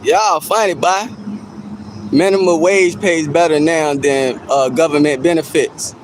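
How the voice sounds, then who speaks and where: High-voiced man teasing his stream chat. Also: fairly even intonation, unhurried, a little hiss or hum, low-quality recording. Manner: teasing, laughing at chat, repeats himself. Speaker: livestreamer reacting to chat. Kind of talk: casual livestream chat. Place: outdoors.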